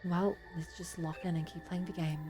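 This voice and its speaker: A woman's voice: fairly low pitch, flat delivery, normal speed, over music. A young woman streaming a game, reading narration aloud and chatting to her viewers in a frustrated, offhand way. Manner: frustrated, talks to chat.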